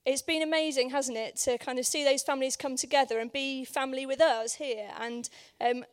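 A woman with a hoarse voice preaching at a church service, talking in a conversational way with many ums and questions put to the congregation. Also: sits high, fairly even intonation, brisk. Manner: conversational, many ums, asks the room for agreement. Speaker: guest preacher. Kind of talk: informal sermon.

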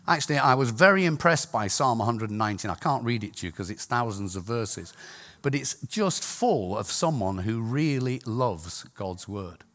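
Casting: older male preacher, chatty storyteller, mid-pitched. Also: fairly bright tone. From Scotland. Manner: chatty, laughs at his own stories. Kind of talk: sermon with anecdotes and jokes.

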